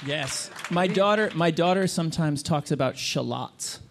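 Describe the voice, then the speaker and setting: A man in his thirties competing on a comedy quiz show, cracking dry, quick jokes. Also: fairly high pitch, creaky, noisy background. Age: 30s. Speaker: quiz contestant. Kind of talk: joking banter on a comedy quiz.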